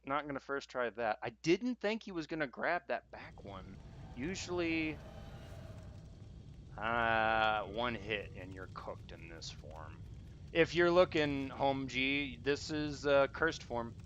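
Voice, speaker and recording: A man's voice: mid-range voice, animated, slow pace, fairly bright tone, muffled recording, a little hiss or hum. A man streaming live gameplay commentary, talking straight to his viewers in a casual, rambling way, full of restarts and fillers, encouraging them as he plays. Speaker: gaming streamer.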